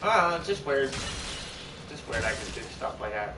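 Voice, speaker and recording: A man's voice: mid-range voice, sing-song, fairly quick, noisy background. A young man live-streaming, chatting casually to his viewers in a rambling, repetitive way that keeps restarting its sentences. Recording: echoey room, far from mic.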